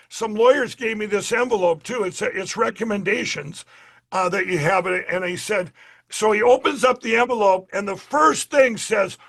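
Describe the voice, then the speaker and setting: A man being interviewed, telling a story in a casual, animated way, acting out the dialogue and often restarting his sentences. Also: high voice. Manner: animated retelling, acts out quoted dialogue, frequent restarts; addresses the audience directly. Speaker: interview guest.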